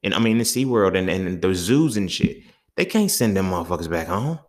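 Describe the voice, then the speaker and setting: A man hosting a podcast, telling stories in a casual monologue with profane, streetwise, animated talk. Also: sits low, brisk. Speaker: podcast host.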